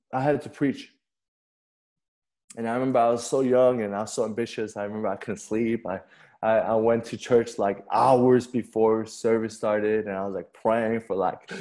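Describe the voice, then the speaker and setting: A young male pastor with a mellow, medium-pitched voice preaches a sermon and shares a personal story in a relaxed, conversational style. He often repeats words when starting a sentence.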